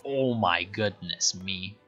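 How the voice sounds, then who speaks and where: A man's voice: low voice, takes it slowly, pushed and bright, soft background music. A young man whose first language is Italian, chatting casually and joking while he streams a strategy game and reads out messages from his chat. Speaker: gaming streamer. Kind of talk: casual live game commentary.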